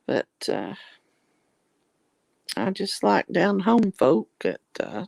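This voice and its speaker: A woman with a thick East Tennessee mountain drawl talks slowly and folksily, reading out viewer comments on her livestream. Her voice is gravelly and swings up and down a lot. The sound is close and dry. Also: sits low, very animated, darkish tone, dry recording. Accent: Southern US drawl, East Tennessee mountains. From East Tennessee, American South. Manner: folksy, affectionate, calls viewers darling and honey. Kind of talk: casual livestream chat.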